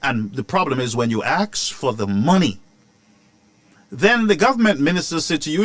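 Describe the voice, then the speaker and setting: A fiery man hosts a political commentary show, his voice pitched high and swinging up and down as he rants. He fires rhetorical questions at listeners. The sound is close and dry, with no room echo. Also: a little fast. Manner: animated, ranting, rhetorical questions. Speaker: host of a news commentary show.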